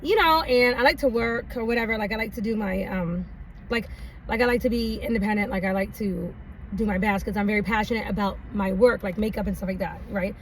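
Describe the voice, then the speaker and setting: A woman's voice: medium pitch, fairly quick. A woman telling a personal story in a casual, rambling way, laughing often and using many fillers. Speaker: vlogger. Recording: distant mic, faint background noise.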